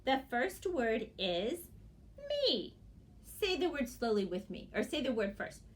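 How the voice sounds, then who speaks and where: A woman teacher giving a phonics lesson to young children, stretching words out slowly and checking in with a gentle "okay?" after each step. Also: fairly high pitch, big pitch swings. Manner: slow, exaggerated, sing-song teacher talk to young children.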